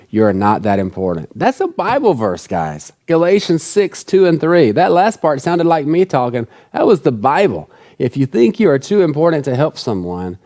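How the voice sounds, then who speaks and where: A pastor with a mellow, medium-pitched voice preaches a sermon in an earnest, conversational style. He repeats key phrases to drive them home.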